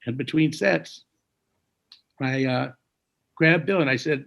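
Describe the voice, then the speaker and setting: A man in his sixties telling stories as a jazz musician in an interview, dropping to a hush when he quotes others and scatting tunes now and then. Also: mid-range voice, slow, long pauses, muffled recording. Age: 60s. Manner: gravelly, hushed when quoting others, scats melodies. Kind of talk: conversational storytelling.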